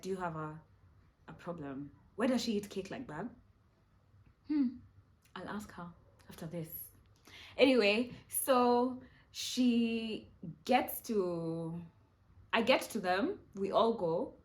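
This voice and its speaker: A woman's voice: medium pitch, a little slow. A young Kenyan woman in her twenties, chatting casually as she tells a story to her vlog audience and slipping into Swahili now and then. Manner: chatty, animated, mixes in Swahili. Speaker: vlogger.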